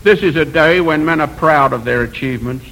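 Male preacher, high voice, earnest rhetorical sermon delivery. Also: fairly quick, creaky, noisy background. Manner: earnest, rhetorical, rising emphasis on repeated phrases; self-deprecating asides.

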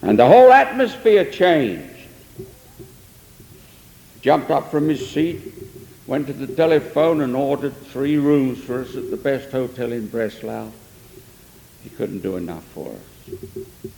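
A man's voice: medium pitch, lively intonation, a little slow, gravelly, pauses often, a little mellow. An older man preacher telling a story in an earnest sermon, with emphatic swells. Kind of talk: sermon testimony. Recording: long echo of a large hall.

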